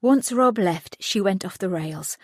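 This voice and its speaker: A woman's voice: medium pitch, expressive, a little slow, no echo. Defensive pleading mother, voiced by a woman reader, slightly raised voice, audiobook drama, dry close sound. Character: defensive mother trying to calm a friend.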